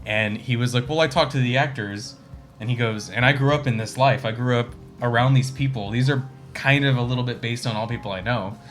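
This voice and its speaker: A man's voice: medium pitch, brisk, fairly bright tone. Casual male podcast co-host. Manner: rambling, swears freely, quotes lines. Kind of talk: casual movie discussion.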